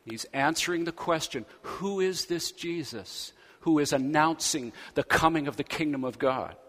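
Animated preaching man in a reverberant hall. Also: a little high, moderate pace. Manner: animated storytelling, acting out quoted figures in paraphrase. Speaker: pastor. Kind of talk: sermon.

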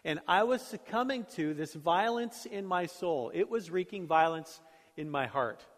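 A man's voice: on the high side, expressive, moderate pace. A middle-aged male pastor preaching a sermon in a conversational, storytelling way, self-deprecating about his own life. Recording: long hall reverb.

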